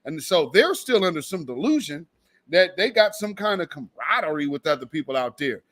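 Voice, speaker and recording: A man hosting casual commentary, talking in a blunt, animated, profane way. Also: a little high, fairly quick. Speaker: host.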